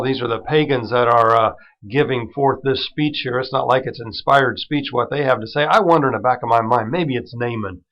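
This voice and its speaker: A man's voice: medium pitch, fairly bright tone, dull audio. A man teaching a devotional Bible study as the program's host, retelling scripture in plain everyday words and turning it into encouragement for his listeners. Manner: encouraging, prays over listeners.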